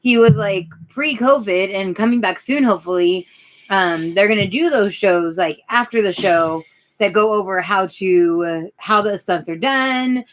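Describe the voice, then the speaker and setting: A woman's voice: medium pitch, measured pace. A young woman co-hosting a casual chat, playful and chatty as she tells stories. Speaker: co-host.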